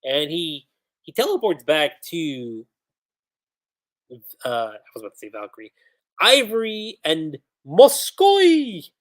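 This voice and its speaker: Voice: medium pitch, very animated, measured pace, pauses often. Chatty manga reviewer on a livestream. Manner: chatty, laughs often, many fillers. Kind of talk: casual livestream recap.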